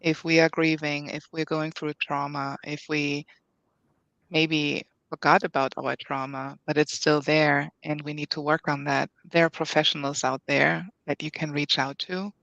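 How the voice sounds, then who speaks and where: A panel moderator leads a discussion in a measured, empathetic way. The sound is dry and close, with a dull, muffled edge. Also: mid-range voice, little pitch movement, vocal fry, fairly bright tone, dry recording.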